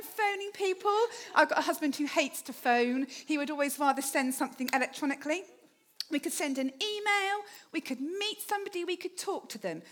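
A woman's voice: high-pitched, fairly bright tone. A woman giving a chatty, humorous sermon, often putting questions to the congregation. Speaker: preacher.

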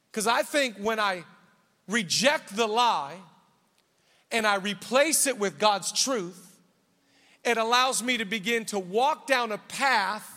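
A man's voice: high-pitched, pushed and bright. A man preaching a sermon as pastor in a church, conversational and fervent by turns. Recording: reverberant hall.

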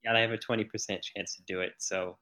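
A man's voice: lowish voice, little pitch movement, fast, bright, forceful tone. A man playing in a tabletop game, casual and blunt, talking plainly about his character's moves. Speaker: player. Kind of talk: casual tabletop role-play.

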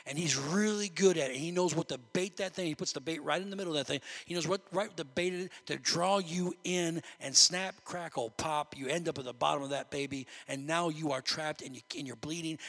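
A pastor delivers a sermon in a church sanctuary, his high, bright voice animated, a little fast, with vocal fry and few pauses. At its peaks his delivery climbs toward near shouts, and a large hall's long reverb surrounds the sound.

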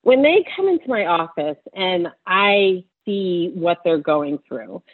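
A woman's voice: fairly low pitch, lively intonation, slow pace, phone-quality sound. A woman physician answering an interview question, teary and passionate, speaking with encouraging conviction. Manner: passionate, warm-hearted, preaching encouragement. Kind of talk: interview answer, emotional testimony.

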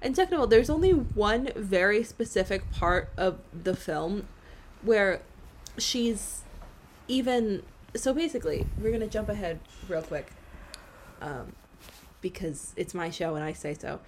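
A woman's voice: medium pitch, expressive, unhurried, slight background noise. A woman co-hosting a podcast, chatting casually and laughing often. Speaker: podcast co-host. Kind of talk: casual chat.

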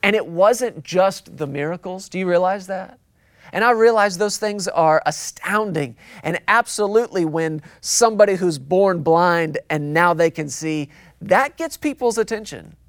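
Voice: mid-range voice, expressive, unhurried, dry recording, studio quality. A pastor preaching a sermon, emphatic and repetitive, drawing out key words for weight.

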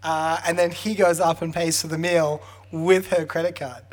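A young man co-hosting a casual podcast, telling stories with a quick laugh. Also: fairly high pitch, little pitch movement. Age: young adult. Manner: storytelling, laughs easily. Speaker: podcast co-host. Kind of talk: casual chat.

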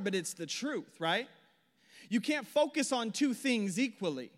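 A young man preaching a sermon with passion. He stumbles and repeats words, then drops into quiet prayer. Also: sits high, big pitch swings, measured pace. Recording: long hall reverb.

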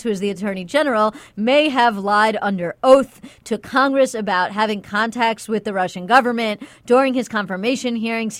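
A woman's voice: medium pitch, no echo. A woman co-hosting a casual podcast chat, sarcastic and playful. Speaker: podcast co-host.

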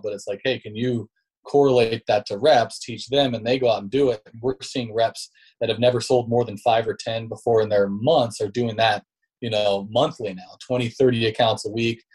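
A sales leader guesting on a podcast tells stories in a loose, laid-back, slangy way, saying bro and dude. His medium-pitched voice has a darkish tone and a breathy edge.

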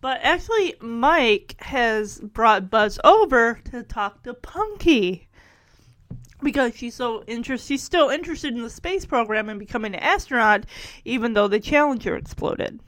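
Chatty middle-aged woman host, animated delivery, dry close mic. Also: a little high, moderate pace, no room sound. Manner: chatty, rambling, frequent laughs. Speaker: show recapper. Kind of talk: casual episode recap.

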